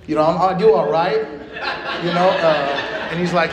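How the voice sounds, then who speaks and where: A man's voice: on the high side, normal speed, a crowd in the background. Streetwise man telling his recovery story. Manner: casual, streetwise, peppered with "man" and "you know". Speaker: recovery meeting speaker. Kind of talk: personal recovery story at a meeting. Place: meeting hall. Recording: echoey meeting room with faint ambience.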